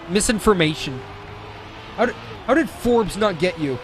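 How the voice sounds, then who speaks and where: A man casting a racing esports match with play-by-play commentary, excitable and jokey, often correcting himself mid-call. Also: high voice, normal speed, long pauses, soft background music. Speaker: esports caster.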